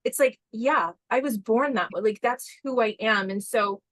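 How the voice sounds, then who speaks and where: A woman in her forties hosting a podcast, talking in a rambling, animated way with quick asides. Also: on the high side, dry recording. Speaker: podcast host. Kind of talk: casual conversational podcast chat.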